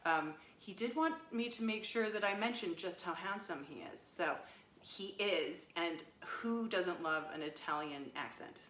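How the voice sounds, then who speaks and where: A woman's voice: on the low side, unhurried, fairly bright tone, a little hiss or hum. A woman co-hosting a casual wine chat, upbeat and playful as she explains things. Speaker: winery co-owner podcast host. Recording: echoey room, mic a bit far.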